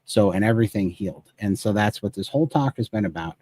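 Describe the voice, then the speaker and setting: A man's voice: on the low side, expressive, fast, a little mellow. A man speaking casually on a remote call, giving earnest, rambling advice from his own story. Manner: earnest, rambling personal testimony. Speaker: guest speaker.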